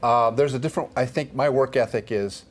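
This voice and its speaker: A man's voice: mid-range voice, fairly quick. A man in his forties co-hosting a morning talk show, chatting casually and joking around. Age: 40s. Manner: jokey, puts on silly voices. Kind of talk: casual chat.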